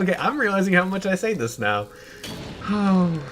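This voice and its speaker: A man's voice: sits high, sing-song, moderate pace, fairly bright tone, soft background music. A young man streaming a game, rambling in casual chat and laughing often.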